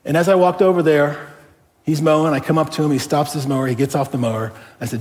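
A middle-aged man, a pastor, preaching a sermon in a conversational, animated way and telling a personal story with rhetorical questions. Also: on the high side, quick pace. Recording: long hall reverb.

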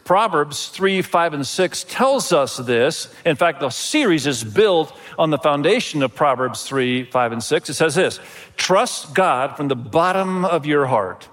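A man's voice: fairly high pitch, animated, unhurried, fairly bright tone. A male pastor giving a sermon in a friendly, conversational storytelling manner. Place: church auditorium. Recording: long reverb of a large hall.

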